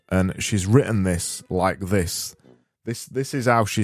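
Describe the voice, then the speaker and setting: Male podcast host, lowish voice, rambling self-interrupting comic delivery. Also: unhurried, dry recording. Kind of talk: comic podcast banter and spoof advert.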